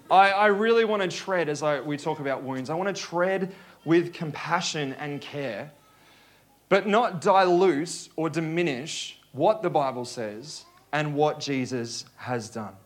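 A male pastor preaching a sermon in a conversational way, joking with the congregation. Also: fairly high pitch.

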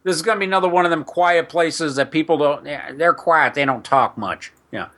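A man's voice: on the high side, brisk, bright, forceful tone. A man hosting a tabletop game podcast, chatting in a rambling way with asides to listeners and reading setting text aloud. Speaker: podcast host and game master.

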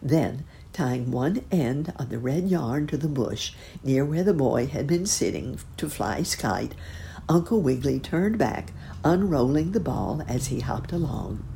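Casting: a woman narrating a children's story, low and mellow with a lilting delivery. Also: expressive, measured pace, gravelly, slight background noise.

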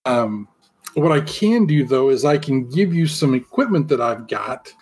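A man's voice: medium pitch, sing-song, unhurried, a little mellow, husky. Casting: a man as the plain-spoken founder of a survivor enclave, casual and hesitant. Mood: candid. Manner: casual, rambling with fillers. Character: male enclave founder, weary and frank.

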